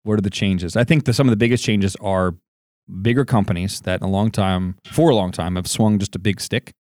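A man's voice: fairly low pitch, brisk, a little mellow, dry recording, studio quality. A man with a mid-Atlantic American accent, a guest on a podcast, rambling through his work in casual chat with many fillers. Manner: rambling, filler-heavy business talk.

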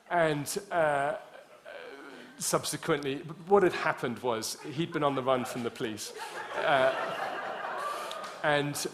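A man's voice: mid-range voice, fairly bright tone, a little hiss or hum. A man telling a personal story in the middle of a sermon, talking in a conversational way with many restarts. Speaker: preacher.

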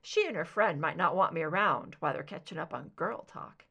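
A woman reading a story puts on a grown son, an FBI agent with a dry, guarded, low-key way of talking. His voice sits noticeably lower than the reader's own, with a flat, wary edge, as in a fan-read audiobook. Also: a little fast, creaky, heavily acted. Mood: wry.

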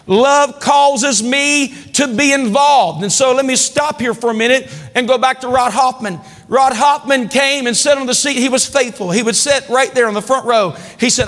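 A man preaching a sermon as pastor, calling for amens and building to shouts. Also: very high-pitched. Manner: preaching with call-and-response, rising to shouts. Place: large church hall. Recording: long church hall reverb.

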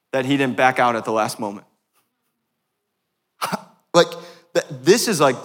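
A passionate male pastor with a high voice, preaching to his church. He moves between quiet, intimate moments and fervent, climbing peaks, and jokes with the congregation along the way. His voice rings with the long reverb of a large church hall. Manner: passionate preaching that swings from hushed to loud. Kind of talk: sermon. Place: church sanctuary.

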